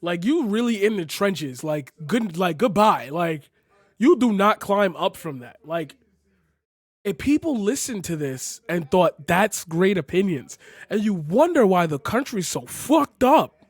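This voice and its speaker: A man's voice: high-pitched, big pitch swings, unhurried, no room sound. A man streaming a reaction to radio clips, blunt and incredulous, swearing a lot. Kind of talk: profane reaction commentary.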